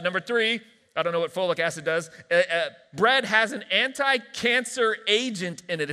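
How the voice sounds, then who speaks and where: A man's voice: a little high, sharp tone. A male pastor preaching a sermon in a church, mixing scripture reading with playful joking asides. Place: large church hall. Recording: live church hall with long reverb.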